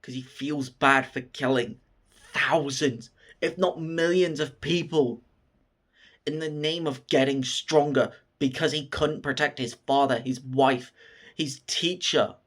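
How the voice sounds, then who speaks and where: Man, casual film recap, swears freely, slow delivery. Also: mid-range voice. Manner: profane, excited storytelling. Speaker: film reviewer.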